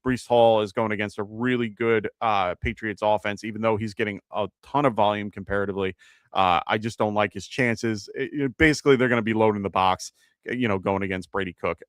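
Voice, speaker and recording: A man's voice: lowish voice, a bit bright, smooth, no echo, studio quality. A man with a New York accent hosting a live fantasy football advice show, chatty and full of fillers and restarts.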